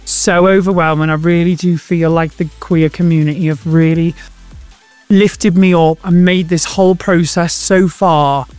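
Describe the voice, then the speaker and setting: A man's voice: on the high side, fairly even intonation, a little slow, a little mellow, clean tone, no room sound, faint music behind. A man in his thirties, a stage performer being interviewed, talking in an effusive, emotional way and laughing easily. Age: 30s. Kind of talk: casual chat.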